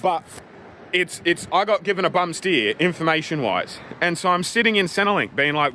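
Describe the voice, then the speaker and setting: Australian male vlogger, agitated sweary rant, somewhat high-pitched, street noise faintly behind. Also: expressive, moderate pace, sharp tone. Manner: swearing, agitated, rambling with many "like"s. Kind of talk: angry vlog rant.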